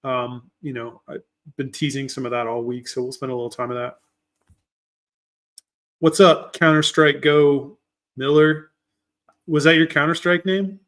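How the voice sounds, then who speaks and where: A man's voice: mid-range voice, steady tone, a little fast, a bit bright. A young man from Maryland hosting a casual livestream, greeting viewers by name and talking loosely with lots of fillers. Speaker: livestream host.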